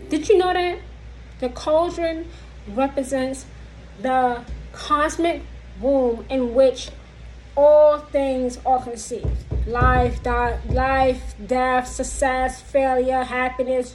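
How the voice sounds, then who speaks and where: Over poor audio with slight background noise, a high-voiced woman vlogger explains witchcraft lore directly to her viewers. She's casual but slow and emphatic, going over her points again and again.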